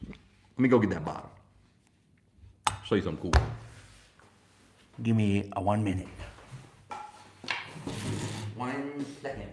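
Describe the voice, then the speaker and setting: Man with a low voice, laid-back host of a tasting stream, swears freely and talks straight to his viewers. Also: noisy background. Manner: relaxed, profane, chatty, answers viewers. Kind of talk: casual live chat.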